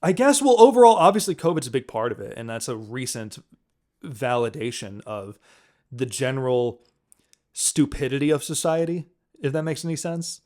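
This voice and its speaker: A man co-hosting a casual movie podcast, easygoing and quick to laugh. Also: mid-range voice, animated, warm tone. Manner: easygoing, laughs often, loose phrasing. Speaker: podcast co-host.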